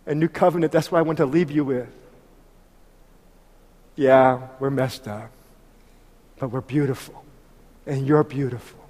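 A man in his fifties preaching a heartfelt sermon, swinging between loud exhortation and soft, intimate asides. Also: medium pitch, steady tone, unhurried, pauses often. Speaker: pastor. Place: church hall. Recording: long reverb of a church hall.

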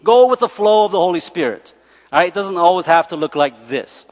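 Man preaching, forties, chatty storyteller, laughs often, slightly high voice, echoey church hall. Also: lively intonation, a little fast. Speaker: pastor. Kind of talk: sermon.

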